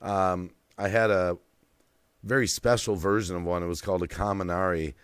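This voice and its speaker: A man's voice: deep voice, normal speed, smooth, no echo, studio quality. A middle-aged man hosting a late-night live stream, telling stories with frequent laughs and greeting viewers in the chat. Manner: lively storyteller, laughs often and greets the chat.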